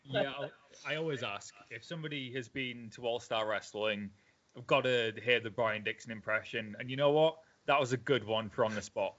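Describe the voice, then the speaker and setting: A man's voice: mid-range voice, moderate pace, a bit bright, muffled recording. A man hosting a wrestling podcast, friendly and chatty with his guest. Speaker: podcast host. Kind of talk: casual interview chat.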